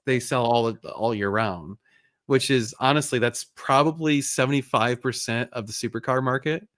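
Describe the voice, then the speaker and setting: A man hosting a casual live chat, telling a story with lively bursts and frustrated sighs. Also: mid-range voice, moderate pace, no room sound, clean studio sound. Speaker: host.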